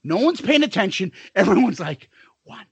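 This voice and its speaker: A man's voice: high-pitched, big pitch swings, normal speed, creaky, a bit bright, husky, no room sound. A middle-aged man co-hosting a podcast, telling profane school stories in casual chat and laughing through them. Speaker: podcast co-host.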